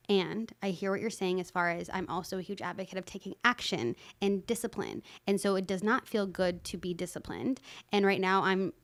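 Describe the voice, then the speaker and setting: A woman guest on a podcast, speaking openly and emphatically in casual conversation, swearing freely. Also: on the low side.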